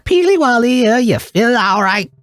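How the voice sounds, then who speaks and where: Caring Scottish janitor lady in a game, a man's high put-on voice, lively pitch. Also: no room sound, soft background music, exaggerated voice. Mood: concerned. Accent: attempted Scottish. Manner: high, slow, faltering put-on voice.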